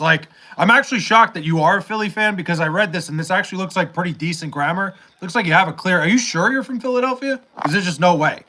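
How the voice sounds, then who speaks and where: Young male streamer, bright and a bit high, loose rambling chat with swearing and filler words. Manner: rambling, profane, with many fillers and restarts. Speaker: livestream host reading chat. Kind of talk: casual livestream chat.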